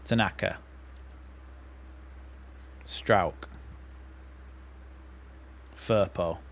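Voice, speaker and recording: A man's voice: deep voice, very slow, gravelly. A man hosting a live football watchalong, calling the play and reacting as a fan. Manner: excitable fan commentary, calls play by play. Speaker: watchalong host.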